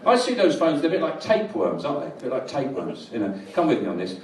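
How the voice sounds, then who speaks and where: A middle-aged man from England doing a live stand-up set, rambling and deadpan, in a small comedy venue. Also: fairly high pitch, fast. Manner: dry, rambling, deadpan with crowd laughter. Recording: roomy live venue, distant mic.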